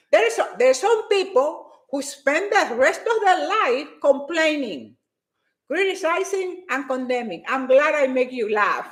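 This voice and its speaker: Emphatic high-voiced woman motivational speaker. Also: fairly bright tone, echoey room. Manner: emphatic, repeats phrases, reads out viewer comments. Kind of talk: motivational live stream talk.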